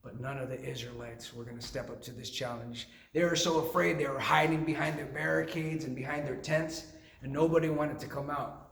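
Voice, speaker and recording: A man's voice: mid-range voice, flat delivery, a little fast, vocal fry, fairly bright tone, roomy sound, slight background noise. A man, a youth minister, telling a Bible story to young people with playful jokey asides.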